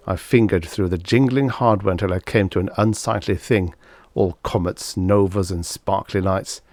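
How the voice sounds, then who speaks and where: A man narrating an audiobook in a sardonic, knowing tone. His voice sits on the low side and is recorded dry and close. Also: moderate pace, darkish tone, no echo. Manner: wry, sardonic first-person storytelling.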